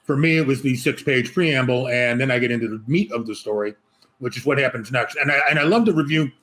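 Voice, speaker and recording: A man's voice: mid-range voice, fast talker, fairly bright tone. A man talking as an author guest in a casual interview, rambling and joking with many restarts. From Chicago.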